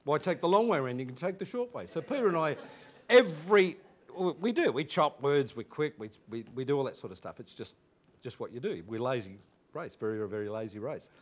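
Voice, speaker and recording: A man's voice: mid-range voice, animated, a little fast. An Australian man in his fifties, animatedly recalling school days with laughter and frequent restarts. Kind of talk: casual anecdotal storytelling.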